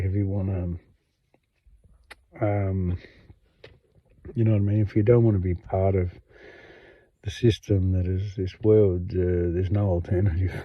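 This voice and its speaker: A man hosting his own podcast, talking unscripted late at night in a rambling, halting way with many fillers and restarts. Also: low voice, dry recording, lo-fi sound. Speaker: podcast host.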